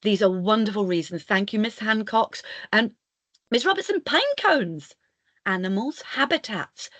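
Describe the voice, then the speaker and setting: A woman storyteller giving a live lesson to school classes, animated and reading out and praising the children's answers. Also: mid-range voice, a little slow, no room sound.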